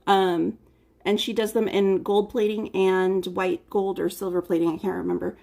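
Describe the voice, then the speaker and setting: A creaky, mellow, medium-pitched voice with little pitch movement belongs to this American livestream host. At a normal speed she chats through a relaxed cooking stream, greeting viewers by name, recorded from a distance on a phone front camera.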